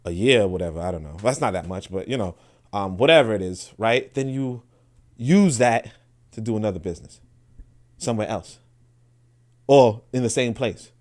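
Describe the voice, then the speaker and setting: A man's voice: fairly low pitch, normal speed, long pauses, a little mellow. A man, hosting a podcast in a blunt, profane, casual monologue that often restarts and repeats words. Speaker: podcast host.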